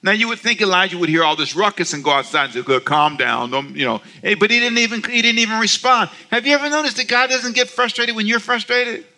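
A man preaching on the radio, telling a story with animated delivery and emphatic, repeated phrases. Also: sits high, fast talker, hardly any pauses. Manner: animated storytelling with acted-out asides. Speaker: pastor. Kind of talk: radio sermon.

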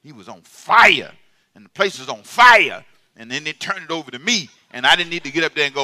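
A man preaching a sermon as pastor, talking in a rambling, self-deprecating way that swings from quiet asides to sudden loud bursts. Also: on the high side, animated, brisk.

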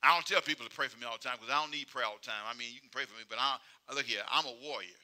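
A man preaching a sermon, with emphatic, repetitive call-and-response phrasing that swings between loud exhortation and quiet asides. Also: medium pitch, very fast.

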